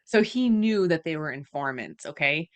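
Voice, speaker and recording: Rambling, giggly woman with a low-ish voice. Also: animated, moderate pace. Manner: rambling, giggly, guessing plots. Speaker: podcast co-host. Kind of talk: casual chat.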